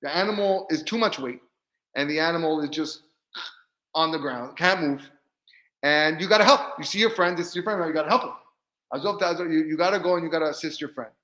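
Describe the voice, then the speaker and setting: A man, a rabbi, teaching a weekly Torah class in a lively way, acting out bits of dialogue and often repeating words. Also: on the high side, fairly quick, roomy sound, poor audio. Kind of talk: Torah lesson.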